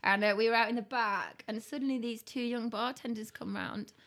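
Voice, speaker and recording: A woman's voice: a little high, steady tone, fairly quick, a bit bright. A woman hosting a podcast, bubbly and blunt, who swears casually. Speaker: podcast host.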